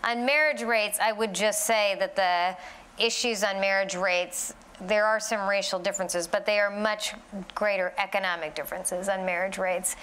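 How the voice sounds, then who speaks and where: Smooth-voiced woman panelist. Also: medium pitch, fairly even intonation, moderate pace, a bit bright. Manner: direct, politely disagreeing. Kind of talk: panel discussion.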